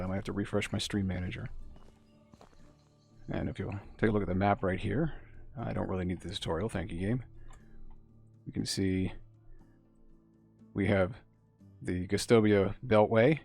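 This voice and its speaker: A man's voice: fairly low pitch, fairly even intonation, normal speed, creaky, pauses often, darkish tone, soft background music. A man giving chatty, musing commentary as he streams a game. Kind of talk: casual gameplay commentary.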